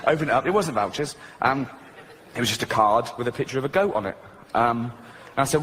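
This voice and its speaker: A man doing stand-up comedy on stage and hosting an awards show, with a dry, mocking, deadpan delivery. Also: mid-range voice, a little fast. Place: large theatre on stage. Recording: live hall reverb, faint audience noise.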